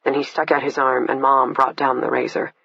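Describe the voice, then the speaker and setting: A man reading the part of a blunt, swearing woman killer, the narrator's imprisoned older sister, in a husky voice. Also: medium pitch, flat delivery, brisk, sharp tone, dry recording. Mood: confessing. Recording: dull lo-fi, dry.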